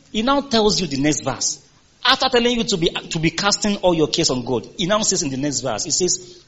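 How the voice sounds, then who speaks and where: High-voiced husky preacher delivering a sermon. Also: male voice, fairly bright tone, muffled recording. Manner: emphatic, call-and-response with congregation. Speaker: pastor.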